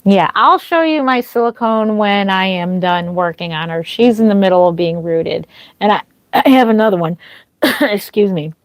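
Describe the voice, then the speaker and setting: A woman's voice: mid-range voice, normal speed, no echo. A woman hosting a livestream as a reborn doll artist, chatting with viewers, thanking them by name, with lots of fillers and a slightly dry throat. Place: home nursery. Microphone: wearing a microphone.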